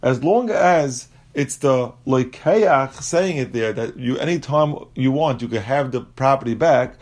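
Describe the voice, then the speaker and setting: A man teaching a Talmud lesson, explaining step by step and mixing English with Aramaic and Hebrew terms. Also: a little slow. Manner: animated, jumps in pitch when acting out quotes.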